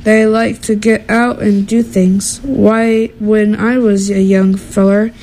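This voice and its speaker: A woman's voice: medium pitch, level tone, slow pace, dark tone, slight background noise, poor audio. A woman voicing a kindly old grandfather bear in a storybook, talking in a folksy, reminiscing way.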